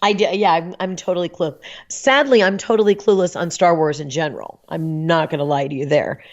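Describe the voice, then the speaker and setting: A woman podcast guest chatting casually, telling animated stories and laughing often. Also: deep voice, a little fast, dull audio. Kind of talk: casual chat.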